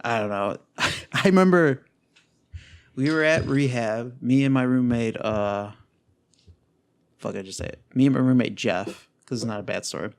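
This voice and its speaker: A man in his twenties co-hosting a casual podcast chat, telling stories in a profane, animated way. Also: mid-range voice, moderate pace. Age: 20s. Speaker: podcast co-host.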